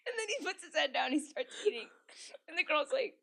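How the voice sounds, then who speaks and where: Animated young woman telling stories. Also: sits high, brisk, creaky. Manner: animated storyteller, many likes. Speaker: podcast co-host. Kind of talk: casual chat.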